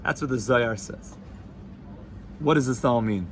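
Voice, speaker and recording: A man, teaching an informal Torah class to students, animated and joking, sprinkling in Hebrew and Yiddish terms. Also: medium pitch, normal speed, slight background noise. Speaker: yeshiva rabbi teaching students.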